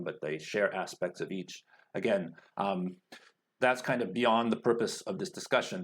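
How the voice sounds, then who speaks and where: A man explaining an exam-prep speaking lesson at a slow, careful pace, pausing with fillers as he works through his points. His voice sits a little low. He sounds like an experienced teacher talking straight to the learner. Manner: slow and deliberate, thinking aloud with fillers. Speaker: IELTS teacher.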